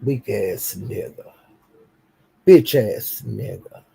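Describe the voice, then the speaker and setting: Gravelly man hurling slow taunts. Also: lowish voice, mellow. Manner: profane, taunting insults, slow drawn-out jabs. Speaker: live streamer. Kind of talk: heated live-stream rant.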